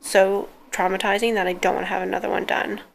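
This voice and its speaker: Young woman vlogger, tired and in pain, talking from her couch; gravelly, flat delivery with little lift. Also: medium pitch, fast talker, slight background noise, low-quality recording. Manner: frustrated, weary storytelling. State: in pain and worn out. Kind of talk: casual personal video update. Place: lying on a couch at home.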